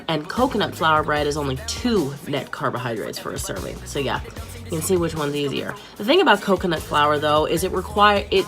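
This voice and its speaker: Upbeat woman vlogger, slightly low voice, casual talk to camera. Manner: chatty, upbeat and candid. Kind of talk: casual video diary.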